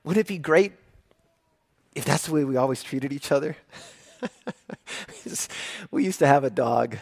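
A man's voice: medium pitch, lively intonation, a little slow, creaky, a little mellow, no room sound, clean studio sound. A male pastor preaching a sermon in a conversational, joking and emphatic way.

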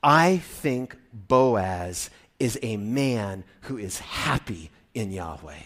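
A man preaching an expository sermon in an animated way, dropping to quiet emphasis and then rising loud again. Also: on the low side, extremely slow. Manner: animated, swings between soft and loud emphasis.

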